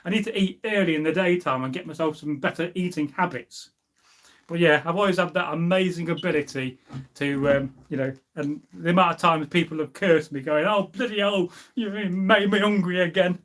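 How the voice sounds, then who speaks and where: A man hosting a casual live stream, rambling and reading out chat comments, drawing out food words slowly. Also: on the high side, fairly bright tone.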